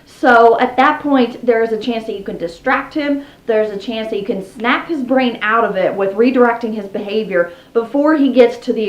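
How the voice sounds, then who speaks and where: A woman vlogger explaining how to tame parrots in a casual, upbeat way, cooing at her birds between tips, recorded at home. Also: fairly high pitch. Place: indoor room at home with pet birds. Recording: roomy, slightly dull home recording.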